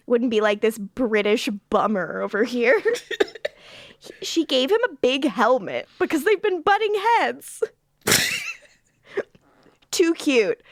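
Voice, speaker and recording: A woman co-hosts a relaxed rewatch podcast and often breaks into laughter. She acts out characters' lines with a high voice that swoops all over. Her voice sounds dry and close. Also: slow, pauses often, no echo. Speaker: podcast co-host. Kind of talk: casual rewatch podcast chat.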